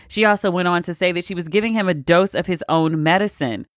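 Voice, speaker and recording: A woman's voice: lowish voice, quick pace, no echo, clean studio sound. A woman hosting a podcast, giving casual news commentary in a wry, exasperated way and laughing between quotes. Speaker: podcast host.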